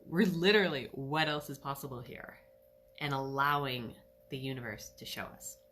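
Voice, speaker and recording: A middle-aged woman, an animal communicator, giving a chatty, animated solo talk with frequent laughs. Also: a bass voice, normal speed, slight background noise. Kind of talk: casual solo talk to camera.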